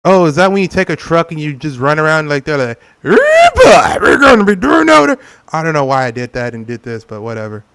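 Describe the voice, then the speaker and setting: A man's voice: fairly high pitch, quick pace, hardly any pauses, fairly bright tone, clean tone. Laughing, chatty male game streamer. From California. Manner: laughing often, joking, acts out silly quotes. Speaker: gaming streamer. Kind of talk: casual gameplay chat with viewers.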